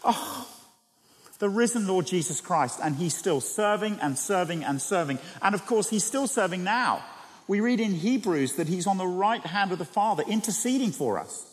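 A man preaching a sermon, animated and conversational, drawing listeners in with rhetorical questions. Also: high voice, moderate pace. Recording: long hall reverb.

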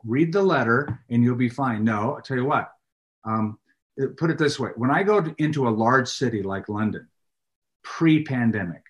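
A middle-aged man, a pastor and author, talking as an interview guest with a preacher's emphasis. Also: medium pitch. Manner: animated, speaks with a preacher's emphasis. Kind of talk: casual interview chat.

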